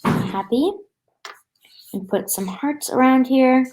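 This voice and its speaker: A woman's voice: medium pitch, normal speed, darkish tone, low-quality recording. A woman hosting a craft tutorial at a table, talking casually through each step with many fillers and restarts. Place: indoors at a table.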